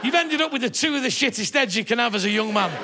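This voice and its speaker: A man's voice: very high voice, lively intonation, fast talker, background noise. A male stand-up comedian, swearing and mocking in a live comedy set in a theatre. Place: theatre stage before a live audience.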